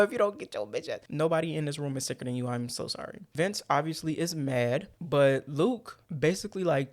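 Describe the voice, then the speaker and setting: Male YouTuber, casual movie recap, animated and profane, jumps into character voices mid-sentence. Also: a little high.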